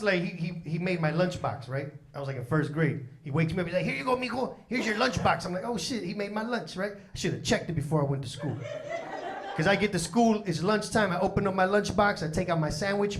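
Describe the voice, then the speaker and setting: A man's voice: high-pitched, noisy background. A man in his forties from Chicago's South Side doing a stand-up comedy set, telling stories and acting out the people in them. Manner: animated storytelling, acting out characters. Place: comedy stage before a live audience. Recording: loud crowd laughter throughout. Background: audience laughter.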